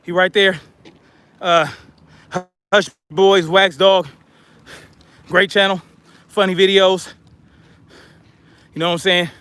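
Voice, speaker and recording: Breathless man, high pitch, blunt outdoor vlog monologue while hiking. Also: flat delivery, slow pace, long pauses, bright, forceful tone, smooth. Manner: blunt, chatty, addresses viewers as y'all. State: out of breath from hiking uphill with a pack. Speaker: vlogger.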